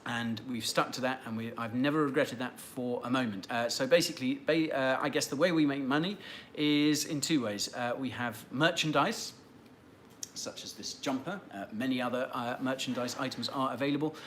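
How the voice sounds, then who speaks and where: A livestream host talks at normal speed in a mid-range, fairly bright voice, with slight background noise behind him. He rambles and chats while answering viewer questions, restarting and using fillers a lot, and teases the regulars lightly.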